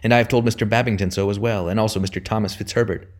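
A man's voice: lowish voice, steady tone, rapid-fire, natural voice. A man reading aloud as a defiant young son, earnest and then stiffly formal. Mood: cold formal. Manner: earnest pleading, then cold stilted formality.

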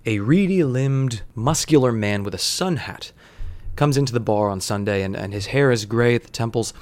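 A young man tells a personal story in a dry, deadpan way. He sounds casual and conversational at an ordinary middle pitch. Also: moderate pace, a little hiss or hum.

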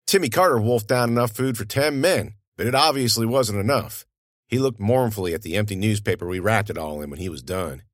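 A male narrator tells the story in a folksy, conversational way, like he's talking with a friend. His voice rises and falls with lively inflection. The recording is close and dry, with no room sound. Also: fairly low pitch, brisk, no room sound. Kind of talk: audiobook narration.

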